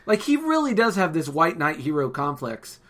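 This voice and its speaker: Lively, bright-voiced podcast co-host. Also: mid-range voice, normal speed. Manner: enthusiastic, swearing, retelling film scenes. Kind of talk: casual chat.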